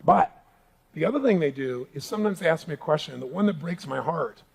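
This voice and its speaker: A man's voice: a little high, expressive, fast, vocal fry, husky, low-quality recording. A man giving a live seminar speech as a motivational speaker, emphatic and rallying the crowd with call-and-response questions. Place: large seminar hall.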